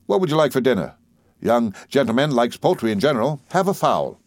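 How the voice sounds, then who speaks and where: A man's voice: medium pitch, very animated, a little fast, no echo, studio quality, natural voice. A man voicing a familiar, chatty male inn waiter who talks in a confiding, insinuating way with working-class grammar.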